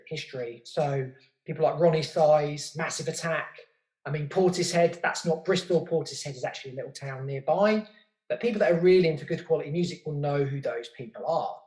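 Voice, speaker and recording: A middle-aged British man, both podcast guest and podcast host, talks candidly in a casual interview, rambling, swearing freely and stumbling over repeated words as he thinks. His voice is a little high, brisk and darkish, with a roomy echo.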